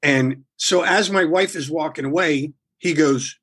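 A man guest telling a long story in a casual, animated way, swearing freely and rambling with restarts. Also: fairly high pitch, unhurried, breathy edge. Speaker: guest musician.

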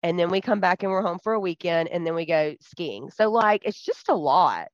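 A woman's voice: on the low side, expressive, moderate pace, dry recording. A woman co-hosting a podcast, chatting casually and teasing her co-host. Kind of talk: casual chat. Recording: dull lo-fi sound.

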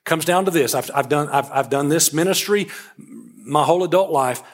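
A man's voice: a little high, normal speed. A man, preaching a sermon, moving from conversational storytelling into emphatic preaching. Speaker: pastor.

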